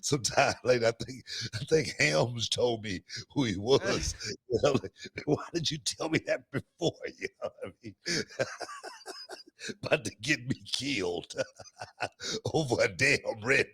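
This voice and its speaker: A middle-aged man co-hosting a podcast, telling stories in a loud, animated way with lots of slang and laughter. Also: mid-range voice, unhurried, long pauses, breathy edge. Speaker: podcast co-host. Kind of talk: casual storytelling chat.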